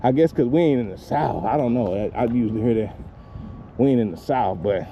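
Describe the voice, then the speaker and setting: With a mid-range voice full of lively intonation, a man with kids talks a bit fast as he vlogs in a lakeside park. He rambles, curses, and laughs at his own jokes into a handheld phone camera; the sound is muffled, with slight background noise.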